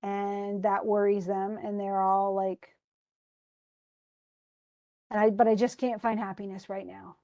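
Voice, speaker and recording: Woman teacher, casual, paraphrases a play's lines in loose everyday speech, mid-pitched. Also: flat delivery, a little slow, pauses often, dark tone, dull audio. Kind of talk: casual lesson, retelling a play.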